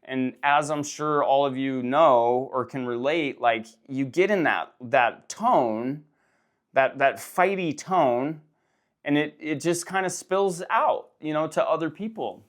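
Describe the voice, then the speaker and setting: A man's voice: a little high, slow. Rambling middle-aged man telling a story. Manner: rambling, frank, swears, many restarts. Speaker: host. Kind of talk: casual personal monologue.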